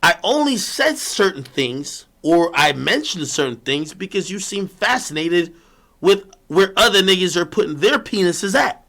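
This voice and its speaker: A man ranting in a solo monologue, mocking and boastful, going from loud taunts to low muttered asides. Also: very animated, a little slow, vocal fry. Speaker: streamer.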